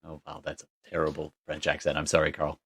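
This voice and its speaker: A man with a deep, low voice runs a tabletop game as game master. He paints scenes in long, wandering descriptions full of fillers and self-corrections. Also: monotone, brisk, a bit bright, breathy edge. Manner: descriptive, rambling with frequent fillers and restarts.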